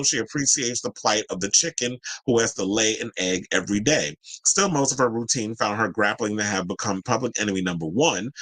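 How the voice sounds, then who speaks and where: Bright-voiced man reading celebrity news. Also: fairly low pitch, rough recording. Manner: chatty, breaks off the article to give opinions, stumbles over names. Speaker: celebrity news commentary host. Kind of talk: reading a news article aloud with casual asides.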